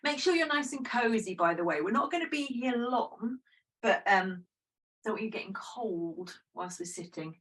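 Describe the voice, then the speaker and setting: A woman talks a yoga class through breathing, gentle and chatty with a self-deprecating streak. Her voice sits at a middle pitch. She sounds set back a little from the microphone. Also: lively intonation, normal speed, distant mic, rough recording. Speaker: yoga teacher. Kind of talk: guided breathing instruction.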